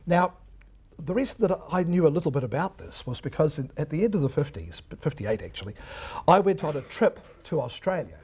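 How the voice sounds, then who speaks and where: A man's voice: a little high, animated, brisk, darkish tone, slightly rough. An older man, a veteran radio broadcaster lecturing students, telling anecdotes and mimicking old announcers. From New Zealand. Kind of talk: reminiscing lecture.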